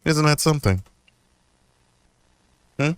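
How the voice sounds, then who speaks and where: A young man hosting his own podcast, telling a personal story in a rambling, profane way, laughing often and jumping into a higher voice when he quotes himself. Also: expressive, takes it slowly, clear, resonant tone, no echo. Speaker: podcast host. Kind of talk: casual storytelling monologue.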